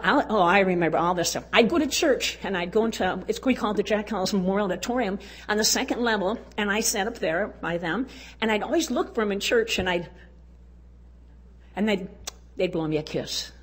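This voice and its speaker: A woman's voice: mid-range voice, slightly rough. A woman speaking to a women's conference, telling folksy stories and chuckling often. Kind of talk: storytelling speech to a live audience.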